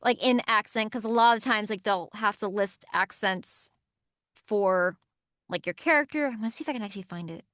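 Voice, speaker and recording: A young adult woman, a voice actress, chatting in an interview, lively and quick to laugh. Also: medium pitch, no room sound, studio quality. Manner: lively, laughing, reads aloud from notes. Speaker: voice actress guest. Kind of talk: casual interview chat.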